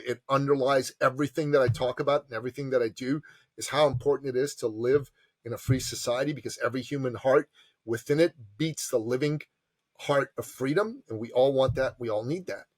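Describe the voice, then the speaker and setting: A man, an entrepreneur advisor and podcast guest, telling stories with passion and emphasis and acting out quotes in lively voices. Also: mid-range voice, a little fast, no room sound. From immigrant to Canada from a tyrannical country. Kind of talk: animated storytelling interview.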